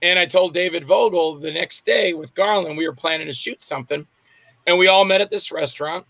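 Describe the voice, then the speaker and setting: High-pitched, creaky, pushed, and bright, the voice of an older Floridian actor and filmmaker comes through a little fast with no room sound. As a guest in a casual interview, he rambles through stories and performs other people's quotes.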